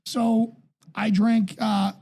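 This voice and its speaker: A man in his thirties from New England, a podcast co-host and youth football coach, telling rambling, profane stories in casual chat; his voice sounds higher than his build suggests. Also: flat delivery, extremely slow, dark tone, slightly rough.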